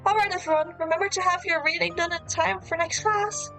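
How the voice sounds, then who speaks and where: A woman's voice: extremely high pitch, steady tone, fairly quick, vocal fry, bright, forceful tone, faint music behind, voice pushed up, full character voice. A woman voicing a cheerful female teacher lecturing her class in a dating game. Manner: chirpy, lecturing.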